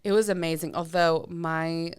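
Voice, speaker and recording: A young woman who is a podcast guest, chatting in a relaxed way and laughing easily. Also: lowish voice, normal speed, smooth, no echo, clean studio sound. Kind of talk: casual chat.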